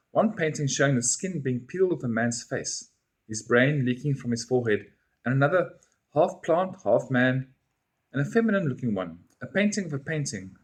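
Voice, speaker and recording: A man reading a first-person story aloud in an expressive way. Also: medium pitch, husky. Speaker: reader.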